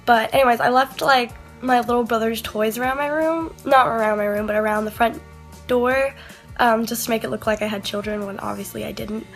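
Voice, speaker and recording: Young woman vlogger, higher voice, casual storyteller who swears, faint music behind. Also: fairly even intonation, brisk. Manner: chatty, swears, acts out both sides of calls.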